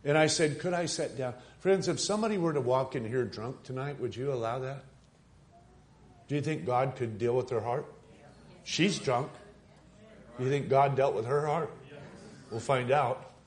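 A male preacher delivers a sermon in an ordinary middle-pitched voice. He narrates a story in a conversational way and pauses to put rhetorical questions to his listeners. He swells into strong, pleading exhortations. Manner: builds from quiet musing to rising, emphatic appeals.

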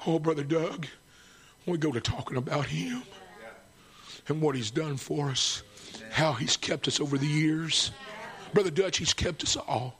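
A middle-aged man preaching a fervent sermon, swinging from shouts to hushed, tender passages. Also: on the high side, a little slow, long pauses.

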